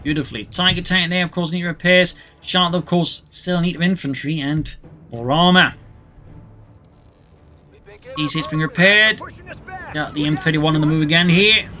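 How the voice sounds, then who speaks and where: A man's voice: fairly high pitch, normal speed, pauses often, pushed and bright, faint music behind. A man commenting a strategy game replay play by play, adding history asides. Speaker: game caster. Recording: game sounds and engine noise behind the voice. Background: in-game battle sounds and vehicles.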